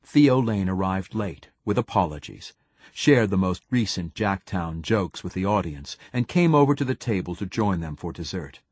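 A man reading a novel aloud as an audiobook narrator, in a measured, even storytelling manner. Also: low-pitched, slightly rough, dry recording. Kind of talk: scripted narration.

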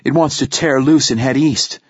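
A man's voice: mid-range voice, fairly even intonation, normal speed, husky, no room sound, dull audio, pitched above the performer's own voice, lightly acted. A man voicing a young woman kite pilot, speaking in a breathless, effortful way as she fights the wind. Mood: strained.

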